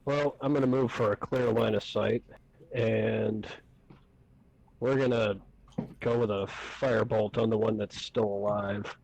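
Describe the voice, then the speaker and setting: Slow gravelly low-voiced man. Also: steady tone, a little mellow, low-quality recording. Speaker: player. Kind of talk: casual game chat.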